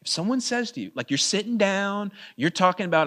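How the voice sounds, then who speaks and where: A man preaching a verse-by-verse sermon in a conversational way, asking the audience questions and reading scripture slowly with drawn-out emphasis. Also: fairly high pitch, expressive, pushed and bright. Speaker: pastor. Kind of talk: expository sermon.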